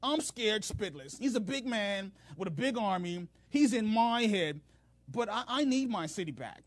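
A man's voice: very high voice, animated, racing, husky, voice pushed up, heavily acted. A man doing a whiny, pleading king. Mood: desperate pleading. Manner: pleading, whining, shouting. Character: whiny, petulant ancient king, male, adult.

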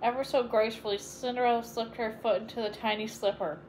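Woman bedtime-story reader, gentle clear delivery, higher pitch, faint background hiss. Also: steady tone, quick pace, poor audio.

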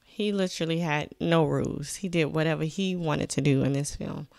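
A woman's voice: low-pitched, normal speed, creaky, a little mellow, no room sound. A woman hosting a casual movie reaction, commenting in a bemused way. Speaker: host.

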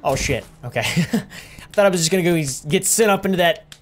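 A man's voice: fairly high pitch, animated, fairly quick, slight background noise. A young man giving rambling, self-mocking gameplay commentary with plenty of swearing. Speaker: gaming YouTuber.

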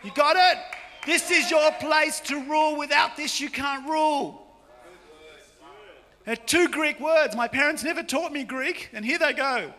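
A man with an Australian accent preaching a lively, joking sermon as pastor, often shouting, in a large church hall. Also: very high-pitched, measured pace. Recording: long church hall reverb.

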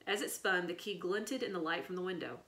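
A woman reading a children's chapter book aloud in an expressive storytelling manner. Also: lowish voice, brisk. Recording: echoey room.

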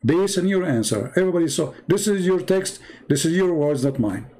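Pitched on the high side, his voice is animated, a bit quick, and dark, with a faint hiss or hum in the audio. An Arabic-speaking man from the Middle East hosts a live stream in broken, accented English, sarcastically ridiculing his rival.

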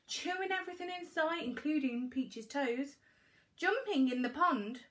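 An English teacher reading a children's storybook aloud, her voice high and lively. She takes her time and leans into the funny parts with big swoops in pitch. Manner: animated, expressive. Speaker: primary school teacher.

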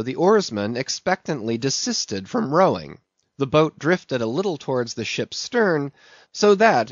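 A man narrating an audiobook in a measured, steady reading voice. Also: mid-range voice, no room sound. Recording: dull, dry recording.

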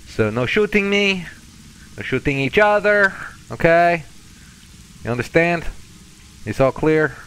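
A man's voice: on the high side, lively intonation, unhurried, pauses often, fairly bright tone, clear, resonant tone, pitched above the performer's own voice, low-quality recording. A man voicing a swaggering, threatening male stalker in a thick, put-on fake Russian accent during game role-play. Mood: gloating.

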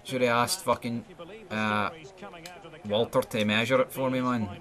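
Scottish lad commentating his footy game, bright voice, swears a lot, mutters then yells at goals. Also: medium pitch, unhurried. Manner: excitable, sweary, jumps from mumbling asides to yelled goal calls. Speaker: gaming YouTuber. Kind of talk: sweary mock football commentary over a video game.

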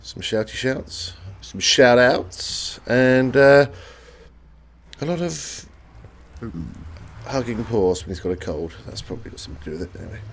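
Croaky man with a sore throat. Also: medium pitch, lively intonation, normal speed, long pauses, slight background noise. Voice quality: gravelly. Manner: chatty and rambling, swears freely. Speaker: let's play host. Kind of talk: casual gameplay commentary.

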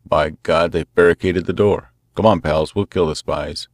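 A man's voice: low-pitched, steady tone, normal speed, no room sound, clean studio sound, close to an everyday voice. A man voicing a menacing male gang thug who growls his lines from behind a door.

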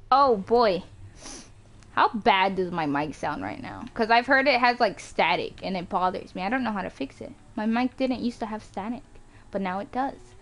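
A woman streaming a racing game live, reacting excitedly, yelping and groaning as she races, on a home mic with some static. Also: medium pitch, moderate pace. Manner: excitable, yelps and groans at the race. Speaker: gaming streamer. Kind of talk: live gameplay commentary.

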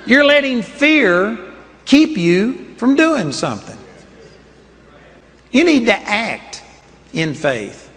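Older male preacher, high voice, emphatic storytelling, long hall echo. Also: sing-song, slow, long pauses, fairly bright tone. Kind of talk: sermon with personal stories.

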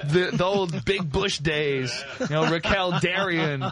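A man guesting on a radio talk show as a comedian, talking in a crude, joking, animated way. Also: fairly high pitch, unhurried, crowd noise.

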